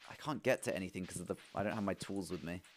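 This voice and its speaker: Young male streamer, low-ish voice, playful banter with chat, light background hiss. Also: racing. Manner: playful, talks to chat, coos at his pet. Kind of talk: live gameplay streaming.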